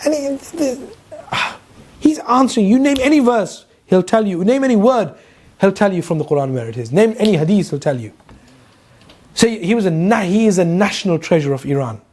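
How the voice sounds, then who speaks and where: Husky London-accented male Quran teacher. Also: sits high, expressive, fairly quick, darkish tone. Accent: London English. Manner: conversational, questions the audience, storytelling asides. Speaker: Islamic teacher. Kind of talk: Quran lecture to a class.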